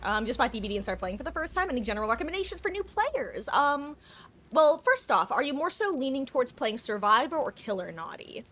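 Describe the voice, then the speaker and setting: A woman live-streaming a game, chatting casually with viewers in an excitable, talkative way on a desktop mic. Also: high voice. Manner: chatty and excitable, quick bursts of laughter. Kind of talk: casual gameplay chat with viewers.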